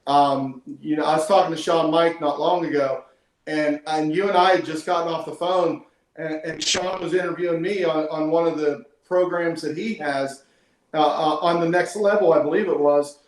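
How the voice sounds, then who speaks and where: A man's voice: on the high side, steady tone, normal speed. Earnest man in an echoey room. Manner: emotional, earnest, praising. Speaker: team leader hosting a call. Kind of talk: heartfelt conversational interview. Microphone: call audio.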